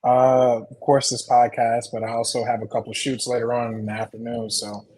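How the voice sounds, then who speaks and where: A young man from Texas and Arkansas, guesting on a podcast. His voice is a bit husky and sits at a mid pitch. He talks in a laid-back, easygoing way with dry humor. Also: level tone, brisk, darkish tone, poor audio. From Texas and Arkansas, USA. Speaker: guest, videographer and photographer. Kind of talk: casual interview chat.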